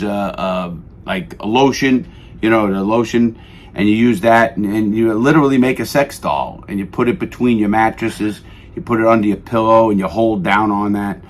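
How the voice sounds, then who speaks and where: A middle-aged man telling prison stories on a radio show, profane and animated, cursing freely. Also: lowish voice, moderate pace. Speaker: guest. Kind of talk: radio interview storytelling.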